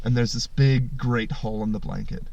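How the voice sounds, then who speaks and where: A man's voice: mid-range voice, moderate pace, no echo, dull audio. Male podcast host, loose and profane storyteller, close dry sound. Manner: animated, swearing, jumps into voices. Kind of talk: casual storytelling chat.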